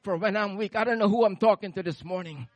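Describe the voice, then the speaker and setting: A man preaching a sermon into a handheld microphone, moving between fervent shouted praise and hushed storytelling. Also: high-pitched, quick pace, dry recording.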